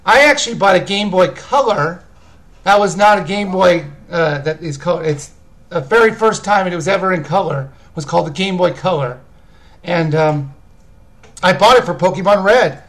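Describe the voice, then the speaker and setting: A man's voice: high voice, moderate pace, a bit bright. A man hosting a casual live video chat, rambling as he answers viewers' questions about games. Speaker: video game reviewer and host.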